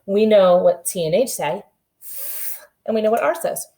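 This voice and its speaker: A woman teaching a kindergarten reading lesson, slowly sounding out letters and words for young children. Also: medium pitch, animated, warm tone.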